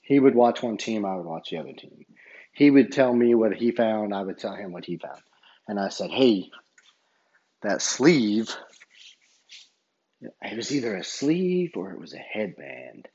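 A man's voice: lowish voice, sing-song, unhurried, long pauses, dark tone, breathy edge, dull audio. A man who referees basketball, casually telling a story in a rambling way and retelling each exchange line by line. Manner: rambling, retells dialogue with many "I said".

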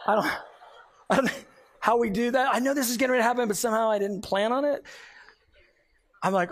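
A man preaching a sermon, emphatic and animated as he tells a personal story. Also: very high voice, fast talker, pauses often. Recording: long hall reverb.

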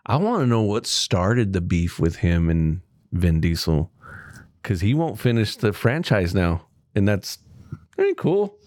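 A man's voice: lowish voice, sing-song, measured pace, a little mellow, no echo, studio quality. A man in casual, profane chat, chiming in with his own stories.

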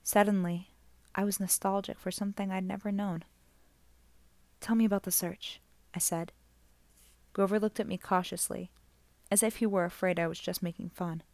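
Lady reading a novel aloud, plain dry mic, mid pitch. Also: steady tone, normal speed, pauses often, darkish tone, dry recording. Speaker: narrator. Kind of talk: audiobook reading.

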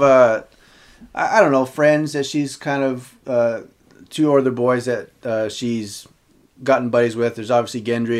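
A man recaps a TV episode in relaxed, conversational chat. His voice sits at an ordinary middle pitch. He often stops, restarts and fills gaps with "uh" and "um" as he retells the scenes. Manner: halting, many fillers and restarts. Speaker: podcast host recapping a TV episode.

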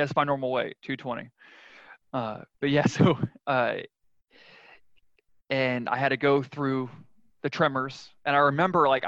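A man's voice: mid-range voice, fairly bright tone, dry recording. A man speaking as a podcast guest, telling his own story in a frank, earnest, confessional way. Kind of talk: casual interview storytelling. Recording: dull lo-fi dry sound.

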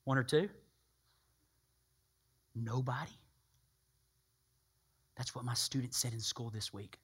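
A man preaching a sermon, emphatic and animated, acting out people's voices. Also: mid-range voice, slow, breathy edge.

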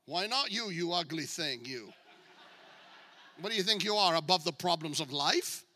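A man preaching a sermon as a guest speaker, dramatic and joking, swinging from quiet talk to shouting. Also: a little high, animated, normal speed, in a large hall.

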